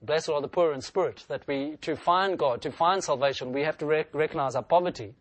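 A man's voice: fairly high pitch, brisk, no echo. A man preaching a sermon in an earnest style, lifting his voice when he reads scripture aloud.

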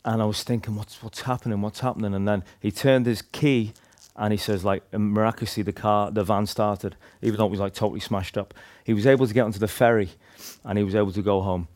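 A man's voice: fairly low pitch, steady tone, fast, few pauses, darkish tone. A man with a Northern Irish accent tells a personal faith story to a group in a chatty, rambling way, full of restarts and "like". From Northern Ireland. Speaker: speaker sharing a testimony.

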